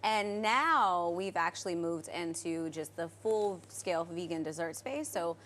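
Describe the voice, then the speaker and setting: A woman's voice: fairly low pitch, lively intonation, a little slow, fairly bright tone, a little hiss or hum. A woman interviewed as a guest on a live TV morning show, speaking eagerly and upbeat about her business from the studio set. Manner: upbeat, eager promotional talk.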